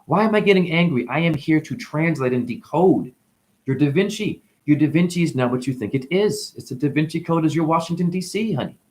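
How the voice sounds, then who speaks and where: A man giving a free-flowing spiritual monologue on his channel. He talks animatedly, calls the listener honey, and swings between loud bursts and whispers. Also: brisk. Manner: animated, sudden jumps in pitch and loudness. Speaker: spiritual vlogger.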